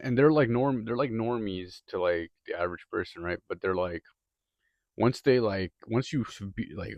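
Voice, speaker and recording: A young man with a lowish voice delivers a rambling, profane monologue, tripping over filler words and restarts. The sound is dry and close, with no room echo. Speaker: podcaster. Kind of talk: casual monologue.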